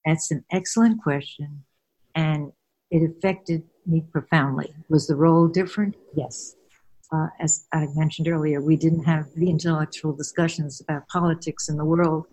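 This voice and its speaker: A woman's voice: low voice, fairly even intonation, moderate pace, breathy edge, poor audio. An older woman, a guest and former caregiver, tells personal stories candidly and earnestly, laughing now and then. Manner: warm, earnest, laughs while telling stories.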